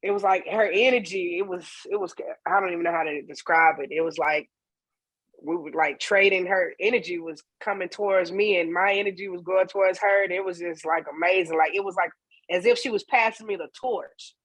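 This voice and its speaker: A woman guest on a casual podcast interview, a singer and percussionist telling stories in a lively way. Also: lowish voice, a little fast, dry recording. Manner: lively storyteller, acts out dialogue.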